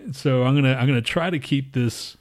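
A man's voice: mid-range voice, a little fast. Rambling, profane man. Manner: rambling, profane, acts out coworkers' voices. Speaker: podcast co-host. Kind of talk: casual chat.

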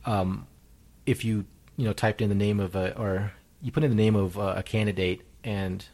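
A man's voice: fairly low pitch, steady tone, normal speed, a little mellow. A man co-hosting a podcast in casual chat, rambling and profane, reading listener comments aloud. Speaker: podcast co-host.

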